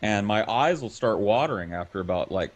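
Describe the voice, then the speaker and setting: A man's voice: on the low side, lively intonation, brisk, a little hiss or hum. A man hosting a podcast, chatting loosely with profane jokes. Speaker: podcast host. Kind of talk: casual podcast banter. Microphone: podcast mic with soundboard.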